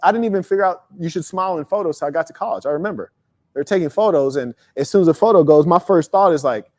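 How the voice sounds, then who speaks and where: A man hosting a casual motivational monologue, talking bluntly and profanely with animated storytelling. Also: on the high side, fast. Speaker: host.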